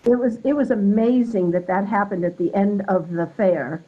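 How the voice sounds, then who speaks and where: A woman who works as a psychic sound healer, adding a quick anecdote while calling in over the phone. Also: mid-range voice, dark tone, slightly rough. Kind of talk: casual added anecdote. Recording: dull phone line.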